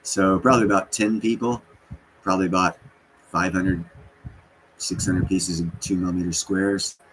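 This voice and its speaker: Deep-voiced man rambling on a livestream. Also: steady tone, moderate pace, a bit bright, a little hiss or hum, rough recording. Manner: rambling, full of fillers. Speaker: livestream host. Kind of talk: casual livestream talk. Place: unfinished basement.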